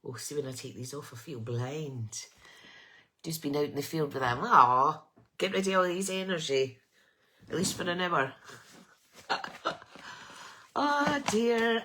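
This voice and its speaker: A woman's voice: fairly low pitch, expressive, takes it slowly, long pauses, background noise. A middle-aged woman hosting a chatty craft live stream with a bunged-up nose, rambling and greeting viewers by name. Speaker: craft livestream host.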